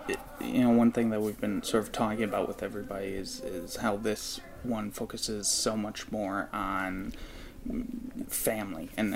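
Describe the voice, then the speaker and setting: A man hosting a podcast, asking rambling, hedging interview questions on a film set. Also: fairly low pitch. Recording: noisy on-set recording.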